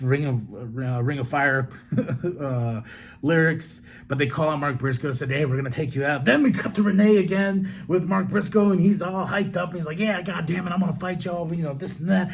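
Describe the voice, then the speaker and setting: A man hosting a solo podcast, recapping a wrestling show in a loose, excitable way with swearing, asides and laughs. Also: fairly high pitch, a little hiss or hum. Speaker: podcast host.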